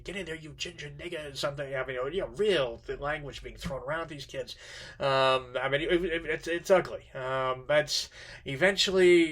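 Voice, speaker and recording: A man teaching literature in an informal lecture, halting with many fillers and restarts. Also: medium pitch, fairly bright tone, slight background noise.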